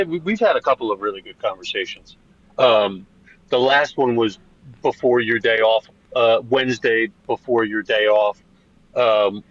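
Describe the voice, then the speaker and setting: A man's voice: mid-range voice, a bit bright, no room sound, lo-fi sound. A man joining a call, talking hesitantly with many fillers. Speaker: caller. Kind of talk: casual call-in.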